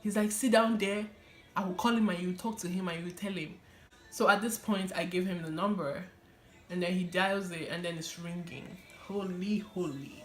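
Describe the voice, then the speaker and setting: A young woman telling her personal testimony in an animated, casual way, often laughing and using fillers. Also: on the low side, brisk. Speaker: vlogger sharing her testimony. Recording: echoey room.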